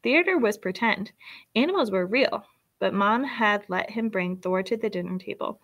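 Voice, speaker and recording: Woman reading a children's story, gravelly. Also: mid-range voice, normal speed, fairly bright tone. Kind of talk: storybook read-aloud.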